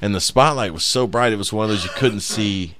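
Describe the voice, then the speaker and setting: A man who is a stand-up comic, telling profane, animated stories in a casual podcast chat. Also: lowish voice, a little fast, slight background noise. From South Bend, Indiana.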